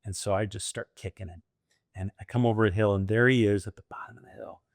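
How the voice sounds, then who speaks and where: A man's voice: lowish voice, quick pace, no echo, studio quality. A middle-aged American man, a guest in an interview, telling stories animatedly, laughing often and acting out what others said. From United States. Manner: animated, laughs often, acts out quoted dialogue. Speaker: guest, former military pilot and franchise owner. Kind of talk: conversational storytelling interview.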